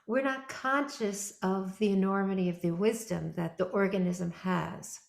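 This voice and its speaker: A woman's voice: mid-range voice, steady tone, a little slow, vocal fry. A woman hosting a podcast interview, reflecting thoughtfully on what her guest says. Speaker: podcast host and therapist.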